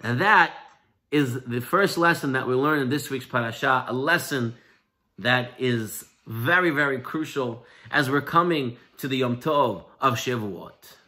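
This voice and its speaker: A man, a rabbi, giving an animated Torah class, telling a parable and swinging between emphatic and soft delivery. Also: medium pitch, measured pace.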